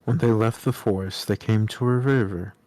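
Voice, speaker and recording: A man calmly reading a storybook aloud on a live stream. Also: on the low side, moderate pace, dry recording, studio quality.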